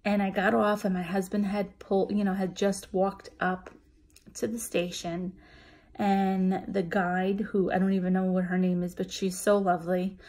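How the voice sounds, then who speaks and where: A woman's voice: medium pitch, little pitch movement, normal speed, darkish tone. Chatty woman telling an emotional story. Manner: chatty and emotional, many fillers and restarts. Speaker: vlogger sharing a weight-loss weigh-in. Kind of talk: casual storytelling to camera.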